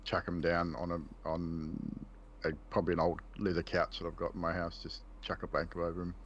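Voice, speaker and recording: A man's voice: low-pitched, monotone, brisk, highs cut off, a little hiss or hum. A man playing a tabletop role-playing game, laughing as he describes his character's actions. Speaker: player. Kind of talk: casual tabletop play.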